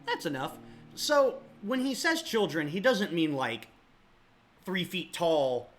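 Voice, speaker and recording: A man's voice: sits high, very animated, takes it slowly, a bit bright, slight background noise. A man narrating as game master in a casual, rambling way with many fillers.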